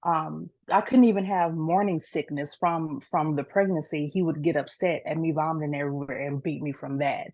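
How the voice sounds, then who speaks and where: A young woman, an author, telling her personal story in an earnest, faith-filled way, halting and restarting as she speaks. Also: low-pitched, a little mellow, no echo. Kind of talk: emotional personal testimony.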